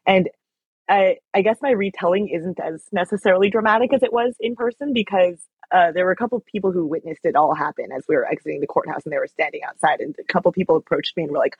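A woman's voice: lowish voice, quick pace, slightly rough, no echo, lo-fi sound. A young woman telling a story as an interview guest, chatty and full of fillers. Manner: chatty, lots of fillers and likes. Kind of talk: casual storytelling.

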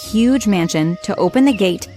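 A woman tells a first-person story in a wry, lively manner, with her voice sitting at a middle pitch. Soft music plays faintly behind her. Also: moderate pace.

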